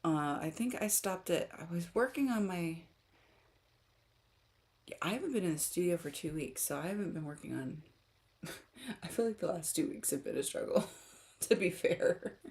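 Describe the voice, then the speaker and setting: A woman's voice: fairly low pitch, animated, moderate pace, long pauses, a little mellow. A woman author chatting casually with her livestream viewers, rambling and giggling as she talks. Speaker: author streamer.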